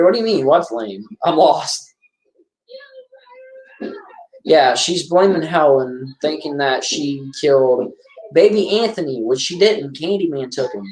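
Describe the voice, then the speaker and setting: A man giving casual, excitable commentary over a horror movie, rambling and restarting his sentences. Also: on the high side. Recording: echoey room.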